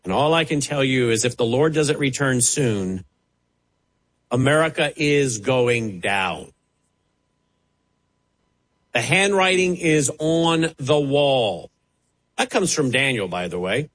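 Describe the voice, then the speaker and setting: A man's voice: medium pitch, animated, unhurried, fairly bright tone, poor audio. A man preaching a televised sermon with impassioned delivery and dramatic rises and drops in his voice.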